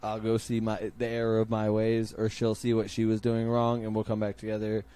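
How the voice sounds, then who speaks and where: A man's voice: fairly low pitch, completely flat delivery, a little fast, warm tone, clean tone. A young adult man hosting a casual podcast, talking bluntly with heavy swearing and acting out quoted lines. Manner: blunt, profane, acts out quotes. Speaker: podcast host.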